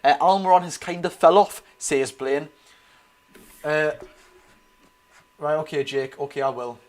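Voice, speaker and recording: A young man with a Geordie accent hosting a live football watch-along, chatty and excitable, reading viewer comments aloud. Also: a little high, measured pace. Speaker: streamer and host.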